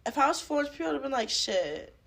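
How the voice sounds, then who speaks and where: A woman's voice: sits high, very fast, creaky, fairly bright tone. A woman guest on a podcast, chatting bluntly and profanely about a movie with plenty of laughing banter. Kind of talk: casual film review chat.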